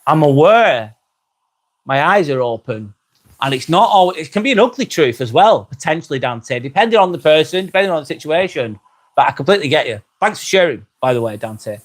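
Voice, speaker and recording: A man's voice: on the high side, big pitch swings, a little fast. Chatty English man hosting a livestream. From England. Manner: chatty, repeats phrases, many fillers. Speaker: livestream host. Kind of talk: casual livestream chat reading comments.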